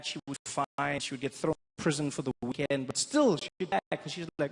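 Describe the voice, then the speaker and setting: A young man from South Africa doing a stand-up comedy routine, an animated storyteller who breaks into loud impressions. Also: a little high, moderate pace, creaky, few pauses.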